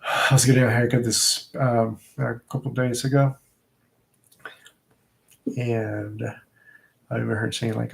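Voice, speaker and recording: A man with a gravelly, creaky voice talks slowly in a casual live vlog. He reflects as he goes, stumbling and restarting his sentences. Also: mid-range voice, flat delivery. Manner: halting and reflective, with frequent restarts. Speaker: vlogger.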